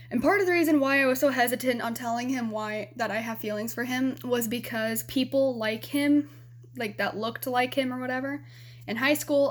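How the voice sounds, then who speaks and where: Young woman vlogger from Arizona, fairly high voice, frank, rambling, cusses a lot. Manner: rambling, frank, swears freely, many "you know"s. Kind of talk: casual storytelling to camera.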